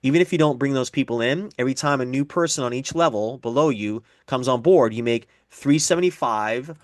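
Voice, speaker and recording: A man explains figures step by step in a business presentation, repeating numbers and acting out sample conversations. His medium-pitched voice moves a little fast, recorded at studio quality with no room sound.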